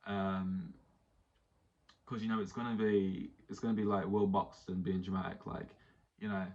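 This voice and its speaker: A man hosting a podcast in casual, animated talk, slipping into mock voices now and then. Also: sits low, moderate pace, highs cut off. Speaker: podcast host.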